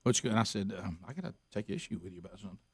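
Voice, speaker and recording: A man's voice: on the low side, very fast, slightly rough, no room sound. Man hosting talk radio, dry studio sound. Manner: animated, acts out the people in his stories. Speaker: radio show host. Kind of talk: casual talk-radio storytelling.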